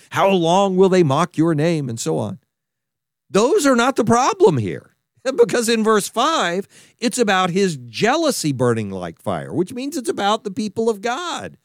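A man delivers a sermon with a fairly high voice that swings widely in pitch. He talks conversationally, restarting sentences and adding asides as he goes. The sound is close and dry, with no room echo. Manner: animated, conversational preaching with frequent restarts and asides. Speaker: pastor.

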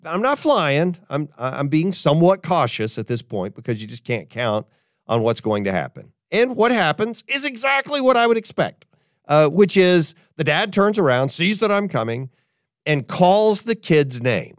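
An older man preaching a sermon, telling a personal story in an animated way and acting out what people say. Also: on the high side, moderate pace, dry recording, studio quality. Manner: animated storyteller, acts out quotes. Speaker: pastor.

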